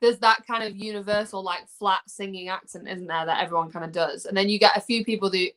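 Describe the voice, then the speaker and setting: A woman's voice: medium pitch, fairly even intonation, fast talker, a bit bright. A young woman with an English accent chats casually about her music. She meanders, restarts her sentences and leans on fillers as she works things out. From England. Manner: chatty, rambling with many fillers and restarts. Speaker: singer. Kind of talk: casual video chat.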